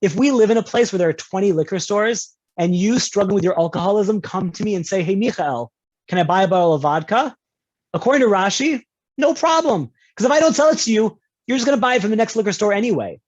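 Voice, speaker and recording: A man's voice: expressive, fast, a little mellow. Man lecturing conversationally over a video call. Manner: conversational, often checks in with "right?"; playful with examples, jumps into higher pitch for quoted speakers. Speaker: rabbi teaching a class. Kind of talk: online lecture on Jewish law. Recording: dull lo-fi video call audio.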